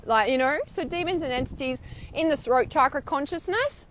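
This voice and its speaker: Lively, higher-voiced woman teaching spirituality. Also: normal speed, a little hiss or hum. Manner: casual and animated, swears, acts out inner voices. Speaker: intuitive healer and spiritual mentor. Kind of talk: spiritual teaching talk to camera. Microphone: filming herself on camera.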